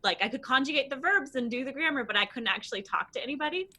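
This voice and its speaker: A woman from Los Angeles, a guest on a podcast, chatting in a lively way and laughing often. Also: sits high, quick pace. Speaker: guest, language company founder. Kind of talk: podcast interview.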